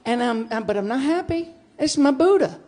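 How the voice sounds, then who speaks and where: A woman minister giving a storytelling sermon, acting out dialogue with big jumps in pitch and loudness. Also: moderate pace. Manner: animated, acts out dialogue with big swings in pitch and volume. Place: church sanctuary.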